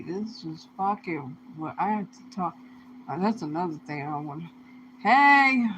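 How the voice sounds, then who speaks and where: A woman's voice: medium pitch, a little hiss or hum, rough recording. Rambling, foul-mouthed woman vlogger. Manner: rambling, swears heavily, loose slangy delivery. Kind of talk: casual profane monologue.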